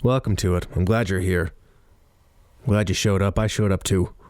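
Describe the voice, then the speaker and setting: A man's voice: deep voice, fairly even intonation, moderate pace, darkish tone, no room sound. A man with a Canadian accent hosting his own podcast, rambling in a loose, chatty way into a studio mic. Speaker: podcast host. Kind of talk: casual podcast monologue. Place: recording studio. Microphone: studio mic with headphones on.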